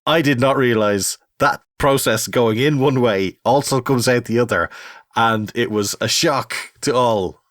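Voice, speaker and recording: A middle-aged man hosting a casual podcast chat, telling lively stories. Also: medium pitch, measured pace, no room sound, studio quality. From Ireland. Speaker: podcast host.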